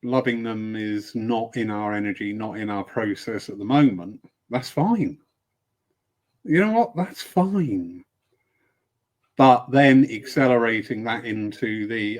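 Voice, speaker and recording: A man's voice: lowish voice, slow. A man from the United Kingdom hosting a casual live stream about spiritualism, chatty and joking as he greets viewers by name. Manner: chatty, greets viewers warmly, jokey asides. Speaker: host.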